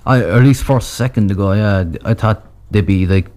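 Mellow, low-voiced man in a casual football chat. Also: fairly quick. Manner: hesitant, many restarts.

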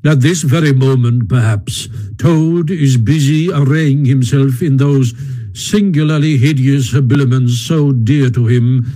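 A solemn old badger speaks with heavy, measured gravity, put on by a man reading a storybook. The voice is mellow and dark with a slight huskiness. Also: medium pitch, close to an everyday voice, low-quality recording. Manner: slow, weighty, solemn.

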